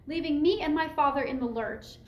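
A woman's voice: high voice, a little fast, reverberant, dull audio, lightly acted. A woman reading the part of the boss's daughter, pleading and guilt-tripping, in an amateur script reading.

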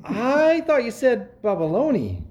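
A woman's voice: a little high, wildly swooping pitch, measured pace, darkish tone, dull audio. A woman reading the part of a nervous male restaurant owner in a play read-through, stammering through improvised excuses. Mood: flustered. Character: flustered male restaurant owner posing under a fake name.

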